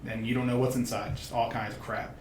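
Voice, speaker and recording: A man's voice: mid-range voice, flat delivery, brisk. Rambling man in an echoey room. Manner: loose and rambling, full of fillers. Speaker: player. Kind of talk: casual tabletop game chat. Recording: echoey room with faint noise.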